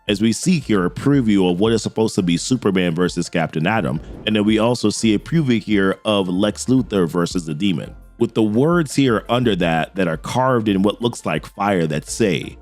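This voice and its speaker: A man casually retelling a comic book story as host, animated, slangy and quick to laugh. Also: on the low side, faint music behind. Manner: animated, laughs often, slangy, paraphrases characters loosely.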